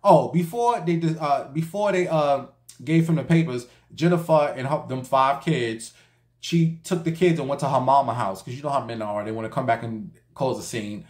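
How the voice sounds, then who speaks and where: A man's voice: mid-range voice, moderate pace, a little mellow. A man telling a gossip story in a sassy, profane, slangy way, addressing his viewers directly. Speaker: storytime vlogger. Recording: echoey room.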